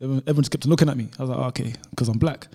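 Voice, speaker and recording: A man's voice: medium pitch, racing, mellow, slightly rough. A man from London, a YouTuber, telling a travel story in casual chat, laid-back and full of slang asides. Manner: laid-back, peppers talk with "bro" and "whatever".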